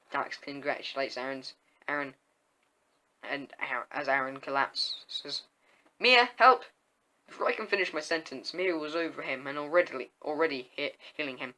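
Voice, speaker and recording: Bright-toned young man reading a story. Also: a little high, rough recording. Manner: halting reading with frequent restarts. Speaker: story reader and channel host. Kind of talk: reading a homemade diary story aloud.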